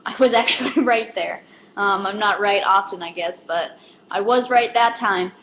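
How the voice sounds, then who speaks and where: A woman's voice: medium pitch, measured pace, muffled recording, a little hiss or hum. A woman who works in retail, rambling through a casual comedic rant with lots of fillers and self-deprecating asides. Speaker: retail store worker.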